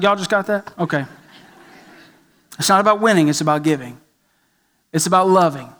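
A pastor delivers his sermon in a high voice. He tells stories with lively swings of emphasis, pushing some phrases up and letting others drop low. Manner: animated storytelling preacher, rising and falling emphasis.

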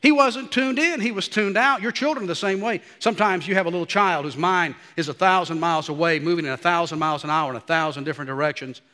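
A man preaching a sermon, animated and dropping to a hush for the quiet passages. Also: fairly high pitch, fast, hardly any pauses, big-room sound.

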